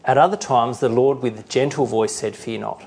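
A man's voice: mid-range voice, brisk, a little mellow, slightly rough. A middle-aged male pastor preaching a sermon earnestly, sometimes acting out the voices he quotes.

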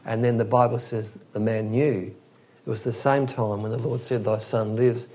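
A man's voice: medium pitch, fairly even intonation, moderate pace, dark tone. A man preaching an expository Bible teaching in an earnest, emphatic way, often restarting his phrases.

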